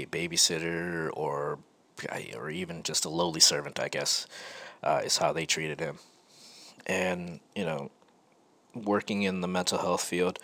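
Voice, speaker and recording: A man's voice: low voice, fairly bright tone, dry recording. A man hosting a podcast, telling a personal story in a rambling, conversational way full of self-corrections. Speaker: podcast host. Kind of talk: casual storytelling monologue.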